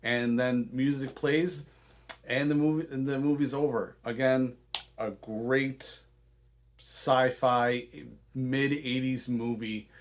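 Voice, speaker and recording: A man's voice: mid-range voice, steady tone. A man hosting a show, casually recapping a movie with eager enthusiasm, often stopping and restarting his sentences. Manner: enthusiastic, halting with frequent restarts. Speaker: podcast host.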